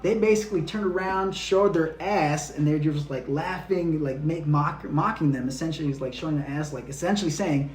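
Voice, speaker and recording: A man's voice: fairly high pitch, brisk, hardly any pauses. A man hosting a history lesson, talking bluntly and casually with slang. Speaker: history channel host. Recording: roomy echo with faint music.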